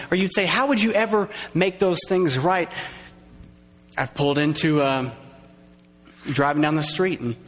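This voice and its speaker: Man, pastor, conversational sermon, plays out quoted voices, fairly high voice, large reverberant hall. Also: fairly bright tone. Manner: conversational, acts out quoted voices, engages audience.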